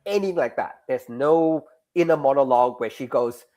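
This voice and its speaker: A man being interviewed about his comics, talking in a lively, casual way with frequent restarts. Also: mid-range voice, moderate pace. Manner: animated, restarts mid-sentence. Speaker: guest comics creator.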